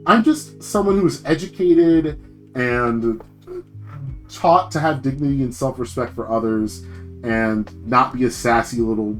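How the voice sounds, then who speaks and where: A young man streaming, ranting casually about work, animated and swearing, jumping high in pitch when indignant. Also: measured pace, soft background music.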